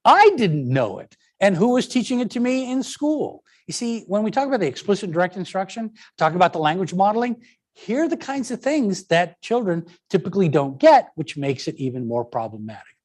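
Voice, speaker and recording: A man's voice: sits high, fairly quick. A man giving a lecture presentation on education and language, stressing words to make his points. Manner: animated, stresses words to demonstrate.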